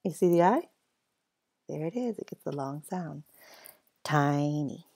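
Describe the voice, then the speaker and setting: A woman's voice: on the low side, lively intonation, normal speed, creaky, dark tone, husky. A woman teaching a phonics lesson to young children, spelling words out letter by letter in an encouraging way.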